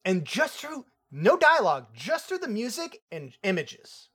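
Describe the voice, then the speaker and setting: Young guy gushing about a movie, slightly high voice, laughs a lot. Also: measured pace, husky. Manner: excitable, laughs often, swears casually. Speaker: podcast co-host. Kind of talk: casual movie review chat.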